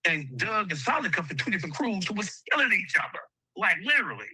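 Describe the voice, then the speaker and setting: Male interview guest; blunt and emphatic, sharp raspy voice, dry close mic. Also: high voice, very animated, fast talker, no echo, poor audio. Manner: blunt, emphatic, heavy cursing. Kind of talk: interview storytelling.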